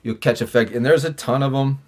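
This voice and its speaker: A man's voice: mid-range voice, a little fast. Profane, rambling male storyteller. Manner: profane, rambling, with filler-heavy restarts; acts out his own and others' lines in quoted dialogue. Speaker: podcast guest, former prisoner. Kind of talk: casual storytelling interview.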